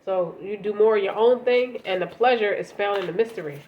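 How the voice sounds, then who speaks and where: Speaking a little fast at medium pitch, a woman congested from a cold does a casual tarot reading. She keeps it conversational, addressing the listener directly and repeating words along the way. The audio is dull, with slight background noise.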